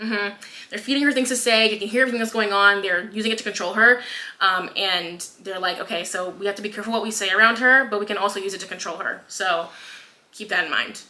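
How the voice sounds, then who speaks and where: A woman chats casually on a podcast, retelling scenes and slipping into the characters' voices, with plenty of "like" and "um". Her voice is bright and lively, recorded in an echoey room. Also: medium pitch, quick pace. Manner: swears casually, fillers like "um" and "like". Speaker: podcast co-host. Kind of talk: casual book review chat.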